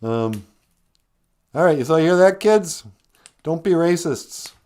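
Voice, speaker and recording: A man hosting a comedic live stream, joking with viewers, laughing often and making deadpan asides. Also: fairly high pitch, slow pace. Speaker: host.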